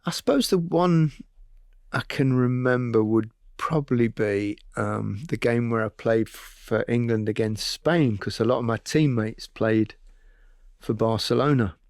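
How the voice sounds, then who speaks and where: Relaxed man telling stories, dry mic. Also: medium pitch, unhurried, dry recording. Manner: relaxed storytelling, laughs easily. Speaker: podcast host. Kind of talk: casual chat.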